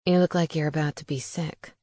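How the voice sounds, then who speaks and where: A woman narrator voicing a smooth, charming male vampire who speaks low and attentively. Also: fairly even intonation, a little fast, warm tone, no echo, clean studio sound.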